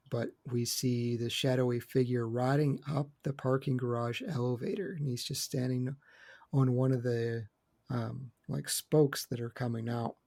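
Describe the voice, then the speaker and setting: A man's voice: mid-range voice, vocal fry, dark tone. A man co-hosting a casual film podcast roundtable, chatty and opinionated with joking asides. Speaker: podcast co-host.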